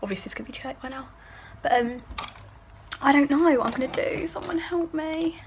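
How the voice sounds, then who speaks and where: Teen girl, beauty vlogger, casual rambling chat, high-pitched. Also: fast talker, background noise. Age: teens. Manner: chatty, rambling, self-mocking.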